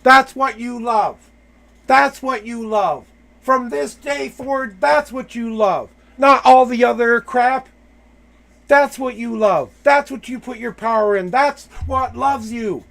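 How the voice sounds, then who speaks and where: A man's voice: very high-pitched, slow pace, gravelly, fairly bright tone. A man hosting a live tarot reading, coaching the person he reads for with emphatic, repeated affirmations.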